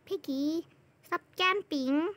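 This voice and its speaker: A woman's voice: extremely high pitch, takes it slowly, fairly bright tone, no room sound. A woman giving casual commentary while playing a game, chatty and jumpy, narrating every move, repeating herself and trailing off. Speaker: gameplay channel host.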